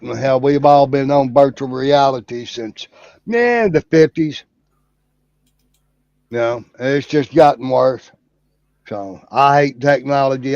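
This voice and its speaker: A channel host chats in a rambling, drawling way, cursing heavily and telling off-color jokes. His medium-pitched voice is gravelly and darkish, and the recording is dry and muffled.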